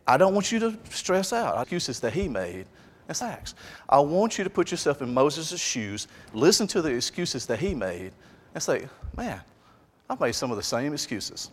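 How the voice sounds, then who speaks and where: Pastor guy preaching, chatty n lively, lapel mic, long church echo. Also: fairly high pitch, moderate pace. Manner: conversational, animated, with asides. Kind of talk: sermon. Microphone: lapel mic on jacket.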